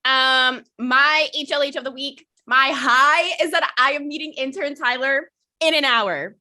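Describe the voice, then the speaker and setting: Bright-voiced chatty young woman. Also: high-pitched, measured pace. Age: young adult. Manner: chatty, swears a lot, laughs often. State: hiccups. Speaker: podcast co-host. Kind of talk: casual chat.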